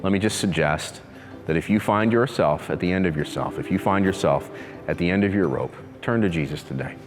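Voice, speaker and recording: A man's voice: deep voice, fairly quick, in a large hall, music in the background. A male pastor giving a conversational sermon, laughing easily and acting out the people in his story. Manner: conversational preacher, acts out voices, laughs easily.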